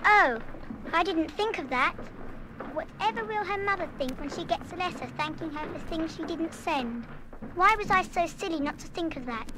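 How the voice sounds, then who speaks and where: A woman's voice: very high-pitched, lively intonation, normal speed. A woman playing a kind-hearted, impulsive boarding-school girl who frets over her mistakes, in 1970s radio play style. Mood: remorseful. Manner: earnest, fretful self-reproach. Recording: hissy old vinyl record.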